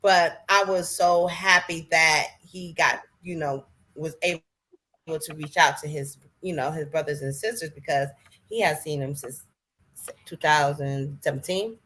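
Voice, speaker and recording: Woman podcast guest, bright tone, rambling and earnest, lots of fillers. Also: deep voice, steady tone, a little slow, slight background noise. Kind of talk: casual podcast chat.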